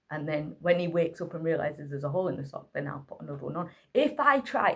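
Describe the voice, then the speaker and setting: Her voice is deep with a breathy edge as this exhausted single mother films an emotional personal vlog. Talking straight to the camera, she wearily and candidly recounts a rough night with her autistic son, nearly in tears.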